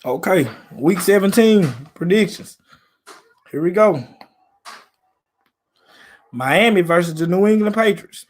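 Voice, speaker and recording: A man's voice: high-pitched, animated, slow, long pauses. A man from Memphis with a Southern accent, hosting a casual live stream about football in a laid-back, slangy way. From Memphis, Tennessee.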